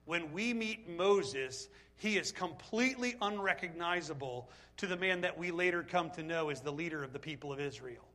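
A man preaching a sermon, animated and full of questions to the congregation. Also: fairly high pitch. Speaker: pastor.

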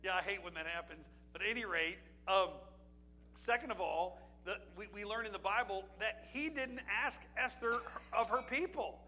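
A man's voice: high-pitched, moderate pace, bright, forceful tone, poor audio. A man from Pennsylvania preaching a sermon as pastor, in a conversational way with rhetorical questions and asides to the congregation.

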